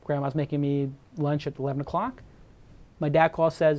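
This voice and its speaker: A man's voice: fairly high pitch, moderate pace, long pauses. A man from New York hosting a talk show, telling a personal story in an earnest, emotional way with frequent restarts. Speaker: host. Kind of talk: casual chat.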